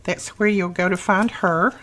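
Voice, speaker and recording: A middle-aged woman hosting a crafting channel, gushing over happy mail she unboxes in a slow, lingering way. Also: fairly low pitch, steady tone, fairly bright tone. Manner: gushing, effusive.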